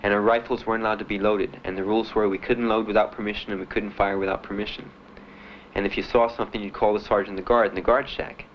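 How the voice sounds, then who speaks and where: Heard through a faint hiss on a dull, muffled recording reminiscent of a 1970s archive tape, a young veteran gives his testimony. He keeps a steady tone in a slightly low voice, speaking plainly but haltingly, with lots of pauses and fillers.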